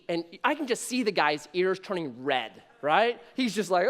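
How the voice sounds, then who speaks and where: A man in his thirties preaching a sermon, telling a story in an animated, conversational way. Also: sits high, fairly quick, few pauses. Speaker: pastor.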